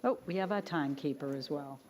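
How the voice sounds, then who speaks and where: A woman's voice: sits low, fairly quick, darkish tone, slight background noise. A woman moderating a conference in a hall. She talks in a chatty, self-deprecating and apologetic way. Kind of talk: casual event moderation.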